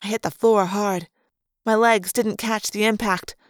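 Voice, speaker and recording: A woman's voice: mid-range voice, measured pace, no room sound, clean studio sound. Woman narrating a story in first person. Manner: expressive, acting out the action.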